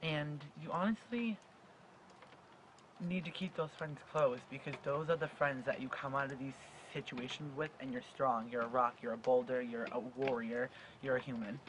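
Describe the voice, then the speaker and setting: A man's voice: mid-range voice, fairly even intonation, normal speed. A young man in his late teens talking straight to the camera in a sincere, heartfelt vlog. He stutters and restarts words now and then. A faint background hum sits under his voice. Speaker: vlogger. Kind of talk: personal advice vlog.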